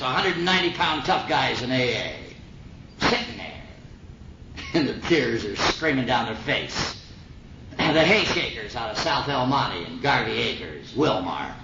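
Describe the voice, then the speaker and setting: Man sharing his story on old tape. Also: fairly high pitch. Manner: folksy, earnest storytelling with slang. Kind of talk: recovery meeting talk. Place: meeting hall. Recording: old 1950s tape, roomy and muffled with hiss.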